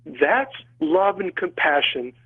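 A husky-voiced male priest speaks earnestly and emotionally, restarting his sentences as he goes. His voice sits a little high and comes through a thin, phone-like line. It sounds like a call-in interview. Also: expressive, slow pace. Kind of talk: telling a personal story in an interview.

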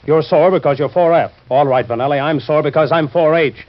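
A man plays a principled office boss with a somewhat high voice, firm and lecturing, with a sarcastic edge. The 1940s radio acting comes through a dull, lo-fi old radio recording. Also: brisk, close to an everyday voice. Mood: stern. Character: older insurance company boss, stern and principled.

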